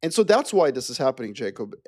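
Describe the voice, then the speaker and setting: Man, podcast guest, mid-pitched voice, animated storytelling, dry studio sound. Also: fast talker, no room sound. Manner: animated storytelling, playful asides. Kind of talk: casual geopolitical discussion.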